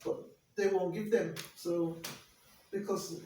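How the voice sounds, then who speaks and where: A woman's voice: lowish voice, fairly even intonation, takes it slowly, mellow. A woman chatting casually in short, terse remarks. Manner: brief, terse interjections. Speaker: chat partner. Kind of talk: casual chat. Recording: echoey room, distant mic, faint noise.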